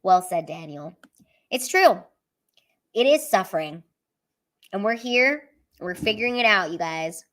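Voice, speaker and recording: A woman's voice: mid-range voice, animated, measured pace, long pauses. Profane woman hosting a late-night stream. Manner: blunt, profane, earnest pep talk. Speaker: live stream host reading chat. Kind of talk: casual live stream chat.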